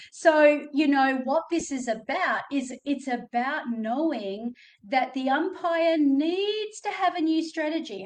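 A woman's voice: fairly high pitch, distant mic. A woman with an Australian accent, a coach talking on her podcast in a chatty, joking way with rambling asides. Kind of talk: motivational podcast talk.

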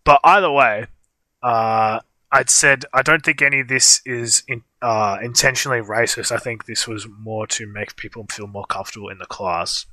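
A man's voice: mid-range voice, fairly even intonation, normal speed, sharp tone, no echo. A young man, co-hosting a livestream and telling a long story in casual chat full of fillers. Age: young adult. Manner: rambling storytelling with frequent fillers. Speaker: livestream co-host.

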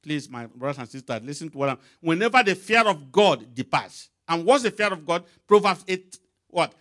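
Lively, high-pitched male preacher. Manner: emphatic, rising and falling delivery with pauses; calls out scripture references for a reader. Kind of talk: sermon.

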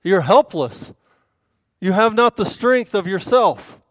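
A woman giving an earnest sermon and reading scripture aloud, swelling loud and emphatic on key points. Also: mid-range voice, lively intonation, slow pace, dry recording. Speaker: women's speaker at a church service.

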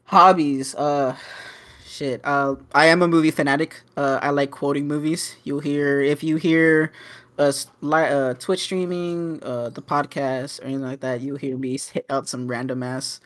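A man's voice: a little high, steady tone, moderate pace, a bit bright. Rambling, swearing young man on a podcast. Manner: rambling, profane, with fillers and restarts. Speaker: podcast co-host. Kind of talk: casual chat.

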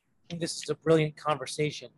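A man's voice: on the high side, fairly even intonation, fast, poor audio. A man who works as a videographer, speaking enthusiastically in a casual chat.

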